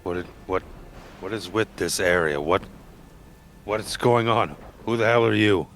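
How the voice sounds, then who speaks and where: A man's voice: fairly low pitch, normal speed, a bit bright, slight background noise. A man playing in a tabletop game, joking in character with wry asides. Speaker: player. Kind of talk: in-character role-play banter.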